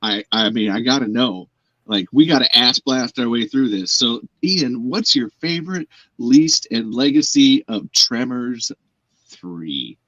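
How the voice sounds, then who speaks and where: Male chat host, lively pitch, bright tone, dry close mic, jokey and loose. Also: unhurried, no room sound, highs cut off. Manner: animated, joking, swears, slips into silly put-on voices. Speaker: podcast host. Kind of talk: casual chat.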